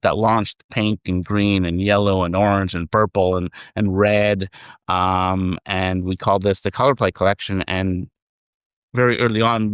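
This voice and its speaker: A man being interviewed on a podcast as a company chairman, telling stories in a relaxed, conversational way and acting out the quoted dialogue. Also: fairly low pitch, clean tone, no room sound, clean studio sound. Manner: animated storyteller, acts out quoted dialogue.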